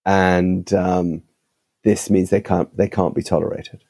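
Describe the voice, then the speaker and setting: A man who is a podcast guest and author, telling stories in an animated, emphatic conversational way. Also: deep voice, takes it slowly. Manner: animated, emphatic, with vivid asides. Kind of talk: conversational storytelling.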